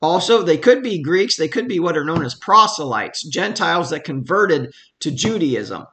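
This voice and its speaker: A man's voice: a little high, expressive, normal speed, pushed and bright. A man giving a casual, conversational Bible study at home, explaining a passage and reading verses aloud with emphasis.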